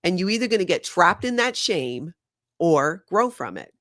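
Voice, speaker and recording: A woman's voice: fairly low pitch, very animated, normal speed, a bit bright, no room sound. A woman hosts a livestream in an earnest, confiding tone, reading viewer comments aloud as she goes. Her voice is recorded dry and close, with no room sound. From former member of a high-control group. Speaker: livestream host.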